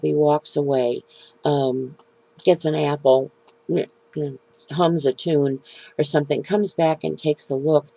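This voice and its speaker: Middle-aged woman, card-making vlogger, low mellow voice, rambling and unsure, dry close sound. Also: creaky, no room sound, low-quality recording. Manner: hesitant, rambling, many ums and restarts. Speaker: papercraft video maker. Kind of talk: casual show-and-tell crafting talk.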